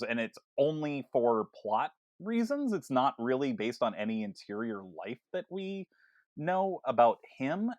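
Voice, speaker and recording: A man co-hosting a casual film podcast, talking in an animated way with lots of stammered restarts and acted-out quotes. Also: mid-range voice, no echo, studio quality. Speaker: podcast co-host.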